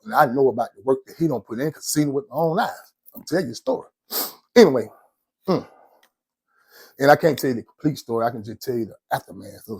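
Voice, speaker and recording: A man from Georgia with an Atlanta accent telling prison stories in a casual, slangy, animated way. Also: medium pitch, husky, no echo. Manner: animated, slangy, laughs often between lines. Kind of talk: casual storytelling.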